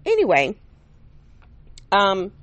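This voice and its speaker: A woman's voice: medium pitch, huge pitch swings, drawn-out words, a bit bright. Woman, podcast host, casual solo chat, upbeat, talks right to the listener, outdoors. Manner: chatty and upbeat, talks to listeners directly with many "okay?" and "right?". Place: outdoors under an umbrella on a patio. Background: neighbor's air conditioner.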